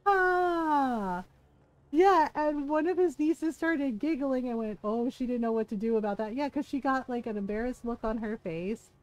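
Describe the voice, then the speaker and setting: A woman's voice: fairly high pitch, moderate pace, hardly any pauses, darkish tone, poor audio. A woman game streamer chatting casually, animatedly telling a personal story, quoting people and laughing often. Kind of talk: casual storytelling chat while gaming.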